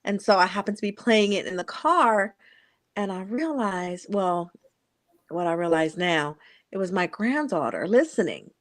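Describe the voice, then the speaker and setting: Hosting a talk, a woman in her 40s tells a heartfelt personal story conversationally, earnest and reflective with many restarts. Her mid-range voice is animated yet a little slow, and the recording is dry.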